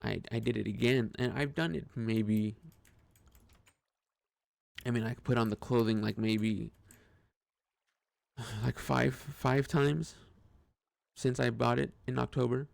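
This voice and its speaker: A man's voice: mid-range voice, fairly even intonation, slow pace, creaky, long pauses, darkish tone, no room sound. A man talking through a casual personal monologue, hesitant and rambling, with frequent restarts and swearing. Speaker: vlogger.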